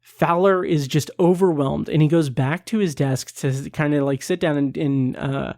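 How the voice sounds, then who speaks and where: A man's voice: a little high, normal speed, a little mellow, no room sound, studio quality. A man hosting a podcast review, talking in a casual, gushing way, teary-eyed and holding back tears. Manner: emotional, gushing, many fillers. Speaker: podcast host reviewing an episode.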